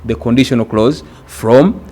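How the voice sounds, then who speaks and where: Guy from uganda teaching grammar to exam kids, slow and deliberate, repeats stuff for emphasis, mid pitch. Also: mellow. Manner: deliberate, repeats words for emphasis, addresses "dear candidates". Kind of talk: recorded exam-prep grammar lesson.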